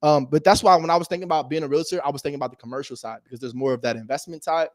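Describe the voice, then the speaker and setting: A man giving a casual motivational talk as a host, animated and slangy, swinging between loud emphasis and low asides. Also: very fast, no room sound, clean studio sound. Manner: slangy and direct, addresses viewers as bro. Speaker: real estate investor and video host.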